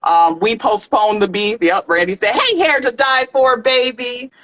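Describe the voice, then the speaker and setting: A woman co-hosting a casual podcast chat, animated, laughing often and swearing freely. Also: a little high, unhurried, poor audio. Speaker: podcast co-host.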